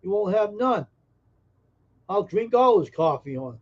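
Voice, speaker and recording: A man's voice: sits high, sing-song, unhurried, dull audio. A man hosting a casual live stream, joking brashly and teasing viewers in chat. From Massachusetts.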